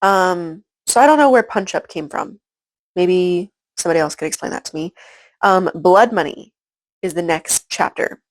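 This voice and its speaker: A woman's voice: fairly low pitch, moderate pace, low-quality recording. Rambling woman recapping a book. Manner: rambling, filler-heavy retelling with frequent "like" and "um". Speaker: book reviewer. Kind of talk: casual chapter-by-chapter book recap.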